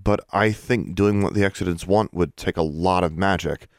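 A man's voice: sits low, normal speed, no room sound. A man voicing a blunt, frank teenage girl who is a witch, close to his own voice. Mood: thoughtful.

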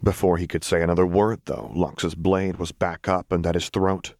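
Brief: male audiobook reader, deep and dry, steady storytelling. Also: normal speed, no echo. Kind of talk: scripted narration.

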